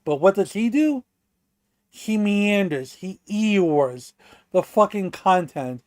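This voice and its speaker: High-voiced man rambling slowly on stream. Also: lively intonation, no room sound. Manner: rambling, restarts and profane rants. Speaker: stream co-host. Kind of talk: casual livestream chat.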